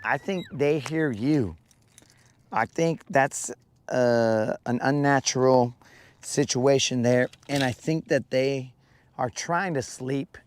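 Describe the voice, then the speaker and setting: Out on a lake, a man hosts a fishing livestream, joking in slang and greeting viewers by name in casual live-stream chat. His voice is mid-range and slow, with a little hiss or hum in the audio.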